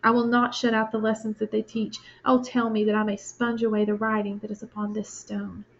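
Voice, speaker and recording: A woman's voice: mid-range voice, little pitch movement, fairly quick, gravelly, a little hiss or hum, lightly acted. A woman reading the part of an old miserly man who begs a ghost for another chance, in a fervent, urgent voice. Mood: pleading. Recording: lo-fi, dull sound.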